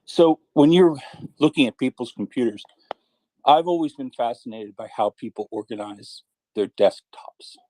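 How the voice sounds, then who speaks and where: A man's voice: mid-range voice, expressive, normal speed, warm tone, dry recording, low-quality recording. A man hosting a casual live audio-room chat, talking eagerly and chattily and stumbling over restarts. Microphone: computer or phone mic in a live audio room.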